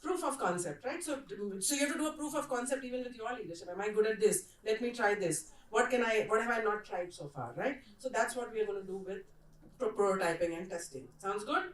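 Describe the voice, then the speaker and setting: A woman's voice: mid-range voice, expressive, brisk. A woman facilitating a workshop, checking in with the audience and handing over to the next speaker. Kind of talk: interactive workshop talk. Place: conference hall. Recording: echoey hall, voice from far off mic.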